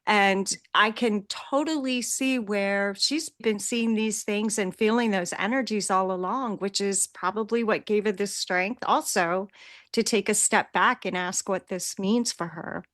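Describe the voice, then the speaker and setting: A woman hosting a podcast, talking gently and admiringly. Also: mid-range voice, moderate pace, no room sound, clean studio sound. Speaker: podcast host. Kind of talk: casual chat.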